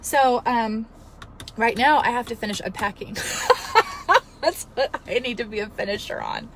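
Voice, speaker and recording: A woman in her thirties, a fitness coach, telling a story in an earnest, emotional, animated way and giving motivational advice. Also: a little high, moderate pace, slight background noise. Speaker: fitness coach and studio owner. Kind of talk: casual motivational vlog.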